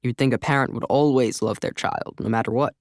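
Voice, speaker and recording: A man's voice: medium pitch, steady tone, brisk, no echo, clean studio sound, close to an everyday voice. A man voicing a chatty older stranger who talks with a slight accent and rambles earnestly. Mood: earnest rambling.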